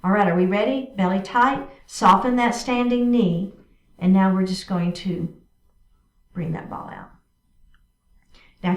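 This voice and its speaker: A woman's voice: mid-range voice, distant mic. Encouraging woman yoga instructor in echoey room. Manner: encouraging, cues movements step by step. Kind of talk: guided exercise class instruction.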